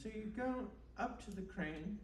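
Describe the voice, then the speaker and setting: Deadpan woman rambling in an echoey room. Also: mid-range voice, measured pace. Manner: deadpan absurdist, rambling with fillers. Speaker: guest performer. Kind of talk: comic improvised guided meditation and chat. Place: live event in a bookstore space. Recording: roomy and distant, faint background noise.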